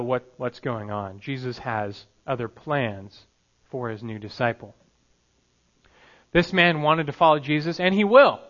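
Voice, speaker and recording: A man preaching a sermon in a conversational, emphatic way, swinging between loud bursts and low, soft asides. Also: lo-fi sound. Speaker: pastor.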